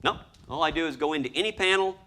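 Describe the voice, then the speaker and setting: Animated man acting out his stories. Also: on the high side, fast. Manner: animated, acts out scenes and voices. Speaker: storyboard artist giving a talk. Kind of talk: lively presentation to an audience.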